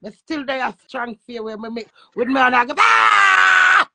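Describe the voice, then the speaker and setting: A woman's voice: on the high side, fairly even intonation, brisk, pushed and bright, dry recording, raised voice. A Jamaican woman ranting brashly and crudely on a phone live stream, defiant toward her critics. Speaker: social media personality. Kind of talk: instagram live rant.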